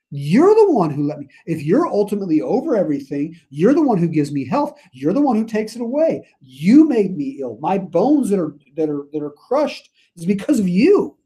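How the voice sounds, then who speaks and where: A man's voice: sits high, huge pitch swings, normal speed, dark tone, slightly rough. A man leading a church Bible study, reading scripture aloud and then paraphrasing it earnestly in his own words. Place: church meeting room.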